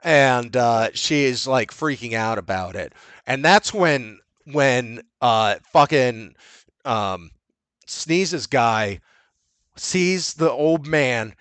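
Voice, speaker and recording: A man hosting a podcast, recapping a movie in casual, profane, animated chat. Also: mid-range voice, drawn-out words, clear, resonant tone, no room sound. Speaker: podcast host.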